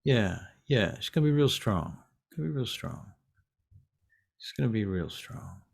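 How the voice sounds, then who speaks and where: A man voicing a calm, helpful male vampire occultist in a tabletop role-play, easygoing and hesitant, with drawn-out "um"s. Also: fairly low pitch, gravelly, slightly rough, full character voice. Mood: concerned.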